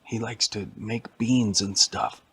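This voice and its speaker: A man's voice: fairly low pitch, takes it slowly, a little hiss or hum. A man improvising a bedtime story at home, rambling and correcting himself as he goes. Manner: rambling, self-correcting, animated. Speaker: parent telling a bedtime story.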